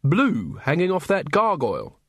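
A man's voice: a little high, wildly swooping pitch, a little slow, a bit bright, slightly rough, no echo, clean studio sound, pitched above the performer's own voice, full character voice. Carrot, a man doing an eager young watchman. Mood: earnest. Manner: eager, polite, wide-eyed. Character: earnest, cheerful, naive young male watchman.

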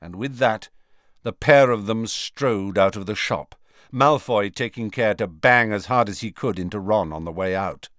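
A man narrating a storybook in an expressive, animated reading, in a dry recording. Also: fairly low pitch, moderate pace, no room sound. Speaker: audiobook narrator.

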